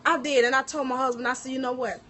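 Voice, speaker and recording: A woman's voice: high voice, very fast, slight background noise. A middle-aged woman chatting casually on a livestream, telling stories and talking straight to her viewers. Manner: animated storytelling, addresses viewers as y'all. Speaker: livestream host. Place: home kitchen.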